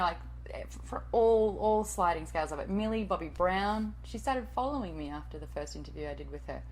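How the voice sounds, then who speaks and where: A woman in her late thirties who works as a TV and radio host and voice-over artist answers interview questions in a chatty, self-deprecating way, swearing now and then. Her voice is mid-range, and the audio is poor.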